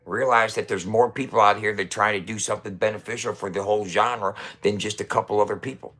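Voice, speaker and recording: Here the same kind of speaker, a middle-aged website founder, goes on a casual, profanity-laced rant at the camera, pausing to cough. He talks quickly in a fairly low, steady voice that sounds pushed and bright.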